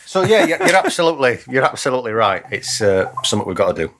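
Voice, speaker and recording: A senior police officer, a chief superintendent, appears as a guest in a conversational interview and speaks earnestly, frequently restarting and repeating words while he thinks. His medium-pitched voice is sing-song and a bit bright, and he talks fast, with a little hiss or hum in the background.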